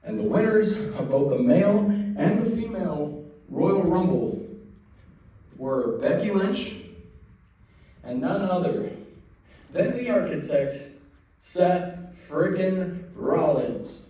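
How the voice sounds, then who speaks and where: This young wrestling-show host delivers animated solo commentary, working himself into playful mock outrage and then saying sorry. He has a high, warm, expressive voice, speaks slowly and pauses often. It's recorded far from the mic in a very echoey event center room.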